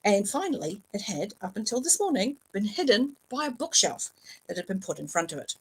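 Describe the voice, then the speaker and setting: A woman's voice: mid-range voice, a little fast, slightly rough, rough recording. A woman reading a novel aloud at home, storytelling expressively with the odd slip and filler. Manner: expressive, lively storytelling with small slips and fillers. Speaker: reader.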